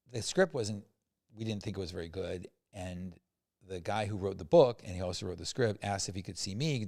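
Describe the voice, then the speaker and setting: Gravelly low-voiced older man telling stories. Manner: animated anecdotes with acted-out quotes. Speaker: film producer, guest. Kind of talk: storytelling in a podcast interview.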